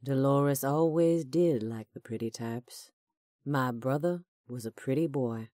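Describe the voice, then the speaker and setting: A woman's voice: very deep voice, measured pace, warm tone, no room sound, studio quality. A woman voicing a menacing male villain with a Southern accent, who speaks in a casual drawl and erupts into screams. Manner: friendly drawl turning to screams.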